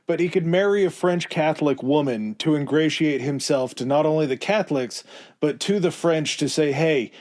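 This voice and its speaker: A man's voice: a little high, normal speed, darkish tone. A man co-hosting a history podcast, telling it in a loose, conversational way with fillers and asides. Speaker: podcast co-host presenting the history. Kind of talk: casual history podcast chat.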